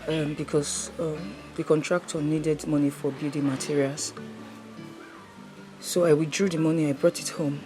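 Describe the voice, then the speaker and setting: Sad nigerian woman, low voice, quiet and halting, music playing under it. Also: poor audio. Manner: subdued, halting telling. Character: grieving woman recounting a robbery. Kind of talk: film drama acting. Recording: film audio with music underneath.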